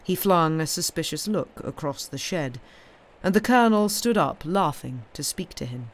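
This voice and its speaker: A woman reading a classic short story aloud in a measured storytelling manner, lifting her voice for the characters' speech. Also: sits low. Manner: measured storytelling, voicing characters' lines with raised, livelier delivery. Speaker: audiobook reader. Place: home streaming setup.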